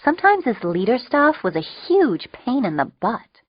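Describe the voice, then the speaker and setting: A woman narrating an audiobook with steady, wry storytelling. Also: a little high, moderate pace, no room sound. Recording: dull lo-fi dry recording.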